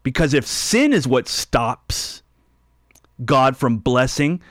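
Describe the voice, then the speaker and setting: Slow, emphatic male radio Bible teacher. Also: mid-range voice, lively intonation, no echo, studio quality. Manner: emphatic, stresses and repeats key phrases.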